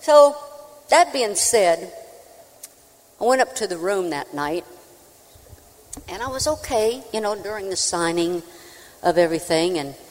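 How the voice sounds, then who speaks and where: A woman, a country singer, telling a folksy, animated comic story on a live stage before an audience. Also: medium pitch, unhurried, pauses often. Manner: folksy, animated, with acted-out voices. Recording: reverberant live hall.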